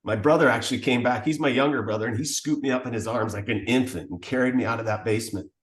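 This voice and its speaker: A man's voice: medium pitch, quick pace, echoey room. A man telling the story of his past as a podcast guest, in an earnest, emotional way. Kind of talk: personal testimony.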